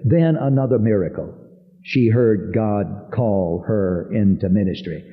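A man preaching a sermon in a church sanctuary, slow and emphatic, with sweeping rises and falls. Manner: slow, emphatic preaching with dramatic pitch swings. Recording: dull lo-fi recording, long hall reverb.

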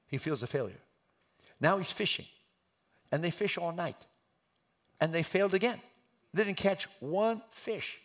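Gravelly husky preacher guy, gets real quiet then loud, acts out the story. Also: fairly high pitch. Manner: dramatic, swings from hushed to shouting while acting out the story. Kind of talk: sermon storytelling.

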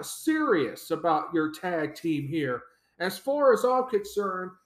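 Solo podcast rant, slow deliberate delivery, sarcastic and exasperated, roomy echo. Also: medium pitch. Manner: exasperated, sarcastic, repeats phrases for emphasis. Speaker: wrestling podcast host.

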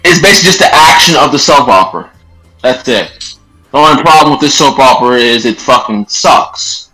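A man's voice: mid-range voice, expressive, brisk, pushed and bright, soft background music, poor audio. A man on a casual podcast giving blunt, dismissive opinions. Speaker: podcast co-host.

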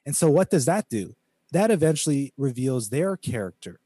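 A man from the United States co-hosting a podcast, talking emphatically in a preachy way. His voice is dark and mellow, and the recording is dry and close. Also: medium pitch, big pitch swings, moderate pace, slightly rough, no echo. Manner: emphatic, preachy, quotes scripture, mocks critics in quoted voices. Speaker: podcast co-host. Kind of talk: casual podcast talk, preaching tone.

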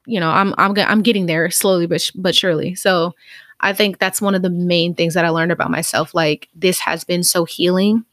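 A young adult woman co-hosting a podcast in casual chat, reflective and soft-spoken, pausing to gather her thoughts. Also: fairly low pitch, steady tone, no echo, clean studio sound. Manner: reflective and soft-spoken, pauses to think, gentle laughs. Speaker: podcast co-host.

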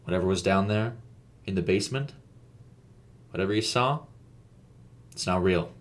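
A man's voice: low-pitched, normal speed, natural voice. A man voicing a condescending, secretive middle-aged man who turns coldly stern.

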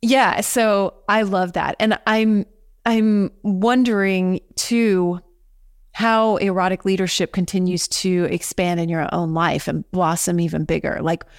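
A woman podcast host who asks her guest questions in a halting way, pausing as she looks for words. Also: fairly low pitch, steady tone, no echo, studio quality. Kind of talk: interview questions.

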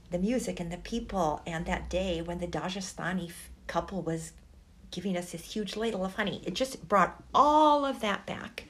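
A woman telling a personal story slowly and reflectively in an interview, with feeling. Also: low-pitched, a little mellow. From United States. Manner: slow, reflective, emotional. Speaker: guest.

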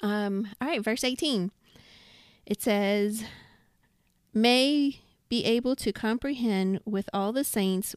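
A woman's voice: medium pitch, takes it slowly, smooth, no echo, studio quality. A woman leading a casual Bible study discussion, who reads scripture aloud and poses questions to the group.

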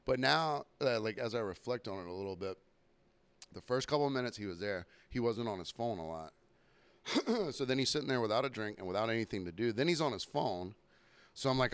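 A man's voice: lowish voice, brisk, clean tone, dry recording. A man hosting a podcast, telling a rambling, profane story about a customer in a casual, exasperated way. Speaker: podcast host.

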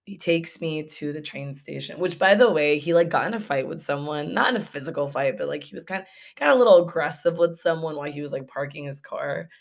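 A young woman from Los Angeles tells a story on her podcast. She talks in a low register with plenty of vocal fry. Her casual, profane delivery is broken up by laughter. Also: fairly quick. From Los Angeles, USA. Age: young adult. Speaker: podcast host. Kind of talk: casual story-time monologue.

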